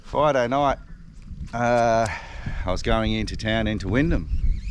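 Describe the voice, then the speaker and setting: An Australian man vlogs to camera from his fishing boat outdoors on a river, telling a rambling, self-deprecating story and laughing often. His mid-range voice moves at a measured pace, with slight background noise.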